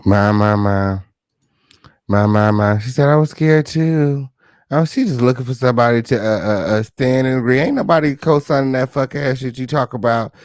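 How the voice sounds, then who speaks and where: A man's voice: mid-range voice, moderate pace, no room sound, clean studio sound. A man hosting a gossip show, reacting to a clip with profane, mocking commentary. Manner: profane, mocking, loud laughs.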